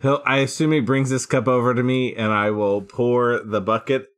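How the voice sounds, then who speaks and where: A man's voice: medium pitch, fairly even intonation, normal speed, clear, resonant tone. A man playing in a casual tabletop game, joking and chatting loosely. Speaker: player. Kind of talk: casual chat and in-character play.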